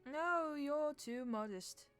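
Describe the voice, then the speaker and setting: A booming jovial minister, as a woman puts him on. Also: sing-song, faint music behind. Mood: hearty. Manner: hearty, drawn-out and exclamatory. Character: jovial booming upper-class male minister.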